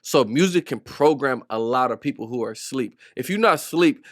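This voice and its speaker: A young man hosting a reaction video, talking in loose slangy chat that jumps into high mocking voices. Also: lively intonation, a little fast, no room sound, clean studio sound. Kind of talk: casual reaction commentary.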